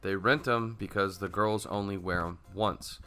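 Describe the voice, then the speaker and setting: A man co-hosting a podcast, telling stories in lively casual chat, laughing loudly and swearing freely. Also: low-pitched, moderate pace, soft background music. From Texas. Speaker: podcast co-host.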